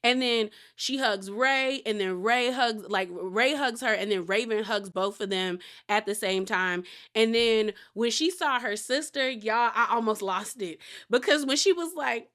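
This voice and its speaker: Bright, chatty woman recapping reality TV. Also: on the high side, a little slow, hardly any pauses. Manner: chatty, animated, laughs often. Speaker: TV recap host.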